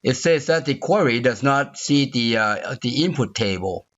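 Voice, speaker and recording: A man teaching a software tutorial while he debugs on screen, thinking aloud, repeating phrases and asking the viewer if they see it. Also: mid-range voice, expressive, normal speed, lo-fi sound. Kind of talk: unscripted screen-recorded coding walkthrough.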